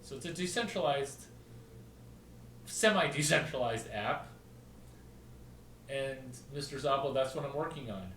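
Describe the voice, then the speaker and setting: A man's voice: mid-range voice, animated, measured pace, long pauses, a bit bright, roomy sound, distant mic, slight background noise, low-quality recording. A man hosting his own video, telling a story in a rambling, casual way that jumps between topics and stops to spell out names. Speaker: video host.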